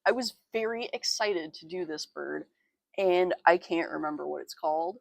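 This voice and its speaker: A young woman with a low, gravelly voice talks through her sketchbook in a loose, chatty way. She pokes fun at herself and giggles between remarks. The sound is close and dry. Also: normal speed, dry recording. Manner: chatty, self-deprecating, giggly asides. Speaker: artist showing her sketchbook. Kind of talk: casual sketchbook tour.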